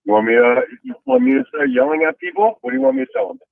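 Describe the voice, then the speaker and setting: A man's voice: extremely high pitch, very animated, gravelly. A man co-hosting by phone from his truck, bantering in casual chat. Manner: bantering, quick reactions. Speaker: co-host on the phone. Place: in a truck in traffic. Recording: tinny phone line.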